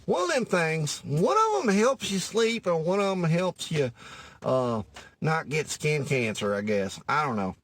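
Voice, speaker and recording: A Louisiana man with a Cajun accent delivers a rambling, profane comedic monologue in a folksy style, calling listeners y'all and saying "anyways" a lot as he often loses his thread. His voice is a little high and a bit bright, with big pitch swings at a measured pace.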